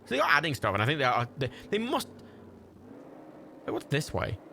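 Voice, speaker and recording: A man giving sweary, excitable, rambling commentary while streaming a game live. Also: medium pitch, a little fast, vocal fry, a little hiss or hum.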